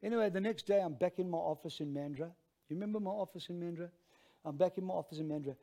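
A man with an Australian accent, a pastor telling a lively, self-mocking story as part of his sermon. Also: sits high, rapid-fire.

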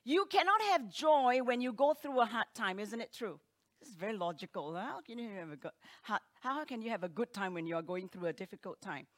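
A woman preaching from the pulpit, her voice set a little higher than most. She delivers emphatic declarations and rhetorical questions, then drops to hushed, quiet asides. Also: lively intonation, brisk. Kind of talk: sermon.

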